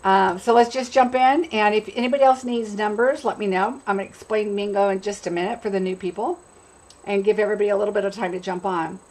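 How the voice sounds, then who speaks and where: An upbeat woman from California chats casually as she hosts a craft live stream, greeting viewers one by one. She has a cold, and a cough breaks through her voice now and then. Her voice sits at an ordinary middle pitch for a woman. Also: fairly even intonation, fast, darkish tone, rough recording. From California, USA. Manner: chatty and upbeat, greets and answers viewers by name.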